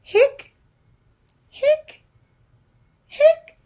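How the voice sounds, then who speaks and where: A woman voicing a small male skeleton who hiccups in high, squeaky bursts. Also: drawn-out words, dark tone, exaggerated voice. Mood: hiccuping.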